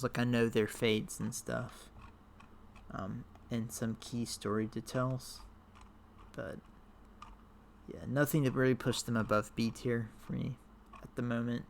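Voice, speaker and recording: Gravelly-voiced man rambling through a ranking. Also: mid-range voice, a little hiss or hum. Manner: rambling, hesitant, many fillers. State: tired, voice wearing out. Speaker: youtuber ranking characters. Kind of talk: casual talk to camera.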